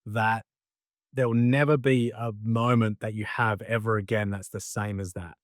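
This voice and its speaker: A man's voice: fairly low pitch, flat delivery, normal speed, dry recording, clean studio sound. Earnest young man, reflective guest. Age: young adult. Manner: reflective, earnest, repeats himself while thinking. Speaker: guest speaker and coach. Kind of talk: conversational interview.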